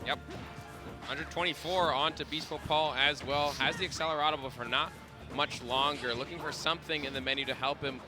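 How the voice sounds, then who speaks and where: Excitable man calling a fighting game. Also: on the high side. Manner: quick, excitable, laughs often. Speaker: esports commentator. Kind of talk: live play-by-play commentary. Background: game music.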